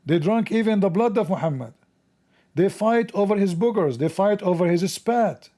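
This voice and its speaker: Sarcastic male host, fairly high voice, mellow tone, broken English, scornful commentary. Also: animated, moderate pace. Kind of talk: mocking commentary.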